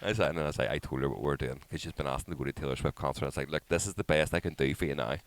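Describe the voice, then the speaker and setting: A man's voice: very fast, dry recording, rough recording. A man in his thirties, a podcast co-host telling a story in casual chat, swearing freely and acting out what others said. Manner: animated storyteller, swears a lot, acts out quotes in high voices.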